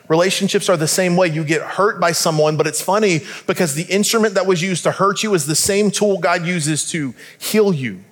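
A man's voice: high-pitched, big-room sound. A man preaching a sermon as pastor, speaking conversationally and asking the congregation direct questions.

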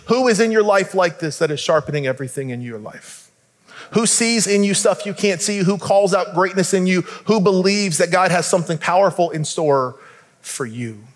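A man with a high voice preaches to his congregation, talking to them conversationally and putting questions straight to them. His voice rings with the long reverb of a church hall. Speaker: pastor. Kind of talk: sermon.

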